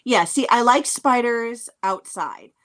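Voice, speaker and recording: A woman's voice: on the high side, slow. Brief: New England woman, casual co-host, easygoing anecdotal chat. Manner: chatty, relaxed anecdotes with filler words and laughs.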